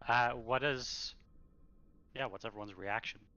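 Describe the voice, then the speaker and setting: A man running a tabletop game as game master, speaking in a hesitant, halting way. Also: medium pitch, bright, forceful tone, dry recording, lo-fi sound.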